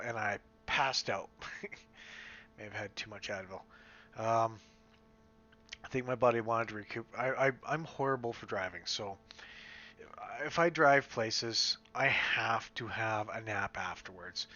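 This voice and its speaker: A man's voice: medium pitch, bright, forceful tone. A man from Western Canada vlogging in a casual, rambling way at home, full of fillers and restarts. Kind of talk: casual chat. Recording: slightly dull lo-fi sound.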